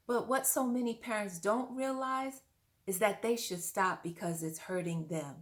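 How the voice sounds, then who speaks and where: A woman's voice: mid-range voice, moderate pace. Woman parent coach, earnest and coaching, speaks straight to the viewer. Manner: earnest, coaching, asks the listener questions. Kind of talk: direct-to-camera parenting advice.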